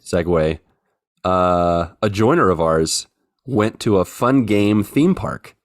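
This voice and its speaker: A man's voice: sits low, slow, no echo, clean studio sound. A man co-hosting a podcast, chatting casually and joking as he reads out listener messages. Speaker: podcast co-host. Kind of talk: casual chat.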